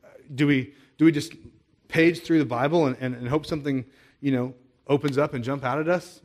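Conversational pastor giving a sermon. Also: male voice, medium pitch, steady tone, fairly quick. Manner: conversational, repeats words, asks many rhetorical questions.

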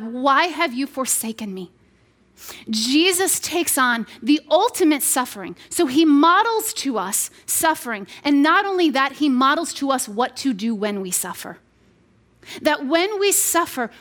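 High-pitched woman in her 30s giving a chatty devotional talk to moms, earnest, lots of restarts and jokey asides. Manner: earnest and conversational, with many restarts and playful asides. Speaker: speaker addressing mothers. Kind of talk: sermon-style devotional talk.

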